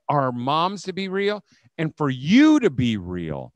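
Lively storytelling man speaking to a crowd. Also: fairly high pitch, slow pace, no room sound. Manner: conversational storytelling, acts out quotes. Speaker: speaker at a homeschool leaders' event. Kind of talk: conference talk.

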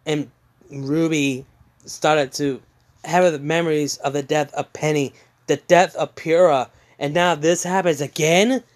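A man casually retelling a fan story, halting with many fillers and restarts. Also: fairly high pitch, fairly even intonation.

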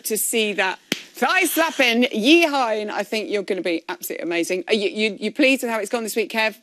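A woman's voice: medium pitch, animated, fairly bright tone, dry recording. A woman hosting a TV dance chat show, bubbly and gushing, chatting with her guests. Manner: bubbly, gushing, quick asides. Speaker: TV show host. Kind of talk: chatty interview.

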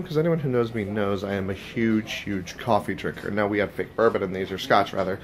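A young man, an actor, chatting in a behind-the-scenes vlog from a film set, excitable at times and then quiet and reflective. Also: lowish voice, a little fast, few pauses, a little hiss or hum.

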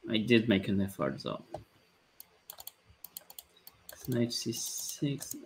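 A man, a chess grandmaster calmly thinking aloud about his moves during a live stream, with light jokes. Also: lowish voice, a little slow, creaky, slight background noise. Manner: calm, thinking aloud move by move, light joking. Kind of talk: live-stream commentary on his own play.

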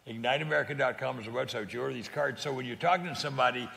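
Gravelly earnest man telling stories. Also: medium pitch, very fast, sharp tone, long reverb tail. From California. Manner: earnest, plain-spoken storytelling with frequent restarts. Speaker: guest evangelist. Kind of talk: casual interview chat.

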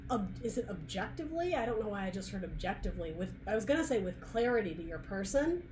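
A woman's voice: medium pitch, big pitch swings, fast talker, darkish tone, a little hiss or hum. A woman reading tarot cards in a chatty, searching way, full of restarts and asides. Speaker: tarot reader. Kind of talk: casual tarot reading monologue.

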